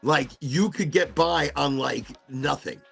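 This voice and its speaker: A man's voice: a little high, takes it slowly, vocal fry, a bit bright, husky, soft background music. A male host running a casual livestream chat show, rambling playfully and swearing freely.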